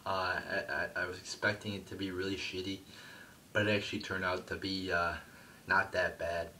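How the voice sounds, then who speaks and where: A man's voice: deep voice, level tone, normal speed, sharp tone, far from the mic, a little hiss or hum, rough recording. A young man giving a profane, rambling review of a wrestling show, full of fillers and curses. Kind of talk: casual ranting review.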